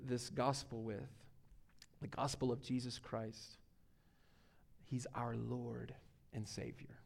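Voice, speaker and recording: Male pastor, high-pitched, earnest sermon delivery that swings from emphatic to hushed. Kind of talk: sermon on a Bible passage.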